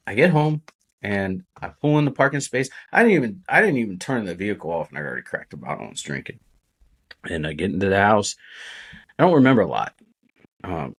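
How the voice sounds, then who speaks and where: A man's voice: low-pitched, very animated, fairly quick, a bit bright, husky. A man, a podcast guest, telling his own story in a candid, casual way, swearing often and using many fillers.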